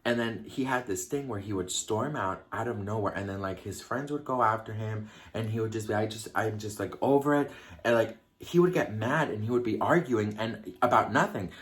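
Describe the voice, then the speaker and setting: A man's voice: lowish voice, normal speed. A young man telling a personal story to his viewers in a casual, confiding vlog style. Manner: chatty and confiding, addresses viewers directly. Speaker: vlogger.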